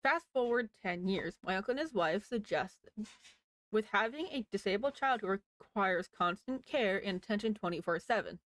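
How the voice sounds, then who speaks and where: A woman's voice: medium pitch, lively intonation, moderate pace, fairly bright tone. Chatty woman reading stories aloud. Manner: chatty, wry asides to the listener. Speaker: reader of online posts. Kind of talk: casual story reading.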